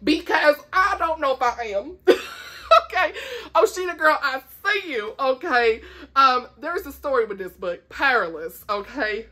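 A woman's voice: high-pitched, animated, unhurried, sharp tone. A chatty woman with a Southern US accent, showing off her book haul in a casual vlog and laughing often. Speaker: book vlogger.

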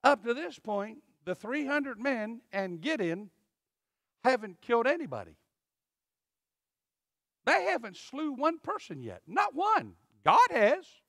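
Male pastor, bright and forceful sermon voice, dry sound, emphatic. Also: very high voice, sing-song, slow pace, pauses often, no room sound. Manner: emphatic, swinging from loud to hushed. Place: church.

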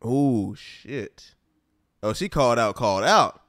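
A medium-pitched man speaks slowly in studio-quality audio with no room sound. He's a gaming YouTuber narrating a casual let's-play of a life-simulation game, animated and exasperated, talking to his viewers directly and calling them "y'all."

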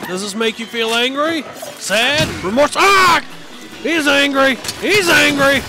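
A man's voice: very high-pitched, a little slow. A man voicing a belligerent old-timer monster hunter in comedic gameplay commentary, folksy and grumbling. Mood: boastful. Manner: folksy grumbling, cries dadgummit. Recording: game music under voice. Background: video game music.

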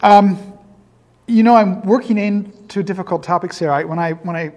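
A man's voice: high voice, normal speed, darkish tone. A man in his fifties from Iowa gives a public lecture as a guest speaker. He tells digressive personal anecdotes and pokes fun at his younger self. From Iowa, USA. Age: 50s. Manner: self-deprecating, digressive storyteller. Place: large hall in a synagogue. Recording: long hall reverb.

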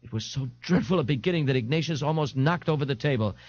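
A man narrating an audiobook in an expressive, dramatic reading. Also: medium pitch, quick pace, hardly any pauses, no echo. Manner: expressive, animated. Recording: dull lo-fi 1980s audiobook tape.

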